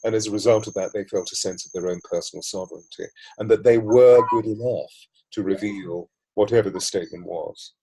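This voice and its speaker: A man, a voice coach and mystic guest, talking in a measured, flowing way in an interview, building long lists and repetitions. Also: on the low side, warm tone, breathy edge, low-quality recording. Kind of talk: reflective interview talk.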